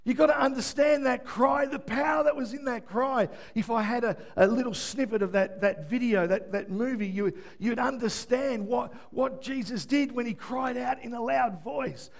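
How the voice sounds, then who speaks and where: A preacher with a high-pitched voice delivers a sermon. He drops to a near-murmur, then climbs to full shouts, and often stops to ask the congregation "yeah?". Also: moderate pace, hardly any pauses. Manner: swings from hushed to shouting, asks "yeah?". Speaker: pastor.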